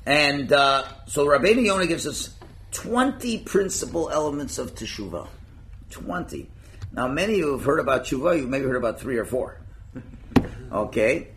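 A man teaching a religious class in a lively, conversational way, acting out little scenes and chuckling at his own points. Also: medium pitch, normal speed, a little hiss or hum. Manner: animated, acts out quotes, chuckles at own points. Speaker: Torah teacher.

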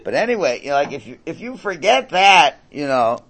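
A man's voice: a little high, sing-song, a little fast, a bit bright. A middle-aged man teaching a religious class. He translates a Hebrew text aloud in a conversational, jokey way, with many restarts.

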